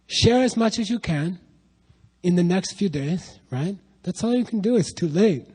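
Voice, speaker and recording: A middle-aged man giving a lively spiritual talk to an audience, telling stories and asking rhetorical questions. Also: high voice, normal speed, breathy edge, low-quality recording. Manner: animated, rhetorical questions, storytelling. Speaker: spiritual teacher.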